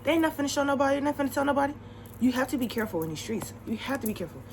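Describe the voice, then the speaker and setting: A young woman with a fairly high voice talks straight to her viewers in a relaxed advice vlog. She is animated and chatty, hammering each point home by saying it again. A faint hum of room noise sits under her voice. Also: racing, low-quality recording. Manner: animated and chatty, repeats points for emphasis, laughs often. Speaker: vlogger. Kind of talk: casual advice chat to the camera.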